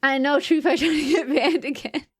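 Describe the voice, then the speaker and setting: A woman's voice: high-pitched, fairly even intonation, moderate pace. A young woman streamer chatting casually and reading out viewer comments, playful and jokey and often laughing. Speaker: VTuber streamer.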